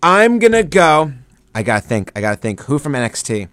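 A young man chatting casually as he watches wrestling live, excited and rambling with lots of fillers. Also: on the high side, fairly quick, dry recording, clean studio sound. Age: young adult. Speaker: student vlogger.

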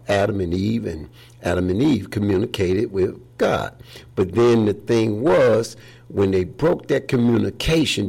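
Gravelly low-voiced man preaching. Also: darkish tone. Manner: folksy, repeats "praise the Lord"; rambling, with many fillers. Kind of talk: informal sermon.

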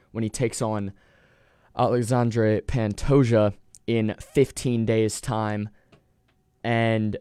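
Young male college radio host, low and smooth, dry studio, rambling casual talk. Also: darkish tone, no room sound. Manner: rambling, with restarts and fillers.

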